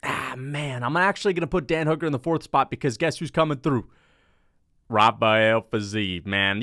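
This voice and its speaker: A man's voice: medium pitch, normal speed, fairly bright tone, dry recording, studio quality. A man hosting his own channel, casually ranking fighters, thinking aloud, changing his mind mid-sentence and swearing now and then. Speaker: MMA commentator and channel host.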